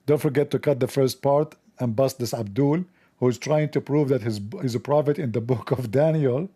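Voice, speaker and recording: A man hosting a casual commentary video, sarcastic, animated and mocking. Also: mid-range voice, moderate pace, husky. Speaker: host.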